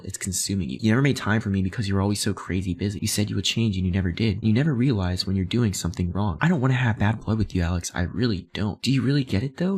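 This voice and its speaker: A man doing fast, sarcastic commentary while reading out chat messages, with swearing asides. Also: on the low side, slightly rough. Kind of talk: commentary reading screenshots aloud.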